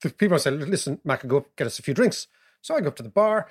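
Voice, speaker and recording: Male co-host, animated storyteller, a bit higher pitched. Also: racing, husky. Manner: animated, laughing anecdotes. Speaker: podcast co-host. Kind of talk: casual chat and storytelling.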